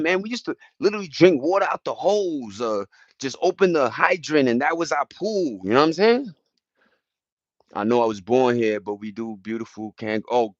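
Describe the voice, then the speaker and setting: A man chatting loosely on a livestream, using street slang and shouting out viewers by name. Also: mid-range voice, no echo, highs cut off. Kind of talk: casual rambling livestream chat. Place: at home in the countryside, partly outdoors.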